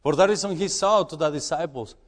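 A man who is a missionary preaching in a church, halting and repeating words as he urges the congregation. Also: a little high, long reverb tail. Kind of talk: sermon.

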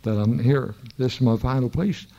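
A man's voice: medium pitch, normal speed, warm tone, dull audio. An older man preaching a sermon in a church, telling folksy stories that rise into emphatic preaching. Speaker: pastor.

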